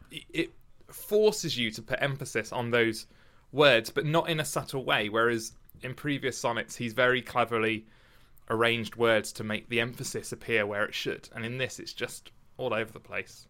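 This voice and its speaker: Bright-voiced man, halting. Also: mid-range voice. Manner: halting, restarts often, thinks aloud. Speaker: podcast co-host discussing poetry. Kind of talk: casual literary discussion.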